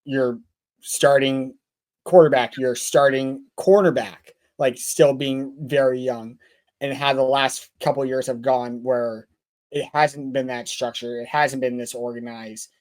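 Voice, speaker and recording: A man's voice: medium pitch, fairly even intonation, a little slow, darkish tone. A man co-hosting a sports podcast, earnestly driving home his points by repeating them. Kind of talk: casual sports talk.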